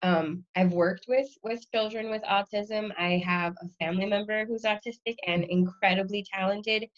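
Woman guest, animated storytelling, laughs often, slightly dull lo-fi sound. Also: mid-range voice, moderate pace. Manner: animated, laughs often, quotes people in lively voices. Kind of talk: casual conversational storytelling.

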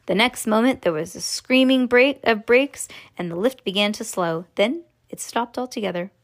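A woman reading a children's book aloud to a child, relaxed, with slips and self-corrections along the way. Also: a little high, normal speed.

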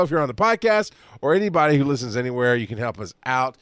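A man's voice: medium pitch, sing-song, fast talker, no room sound. Joking man co-hosting a podcast. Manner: joking, teasing, breaks into put-on voices. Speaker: podcast co-host. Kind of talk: casual podcast chat.

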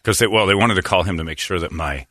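Low-voiced rambling radio host. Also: male voice, fast, bright, forceful tone, no room sound, studio quality. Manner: rambling storyteller, laughs often, acts out quotes. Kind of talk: casual talk radio banter.

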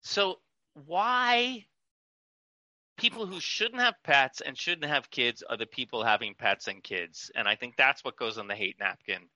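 A man's voice: medium pitch, unhurried, bright, forceful tone, dry recording, muffled recording. A man, a podcast sound engineer, ranting in casual talk and mimicking screaming people. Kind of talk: casual rant.

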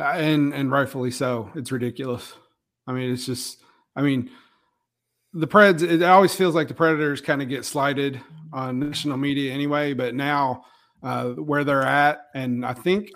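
A man's voice: on the high side, steady tone, moderate pace, a bit bright. A man co-hosting a sports podcast, agreeing easily and hesitating with frequent ums. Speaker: podcast co-host. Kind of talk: casual sports chat.

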